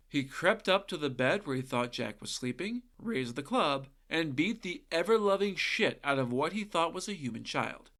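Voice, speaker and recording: Lively, irreverent male storyteller. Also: a little high. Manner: irreverent, swears, sarcastic asides. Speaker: podcast host and storyteller. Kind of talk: comedic narration of folktales.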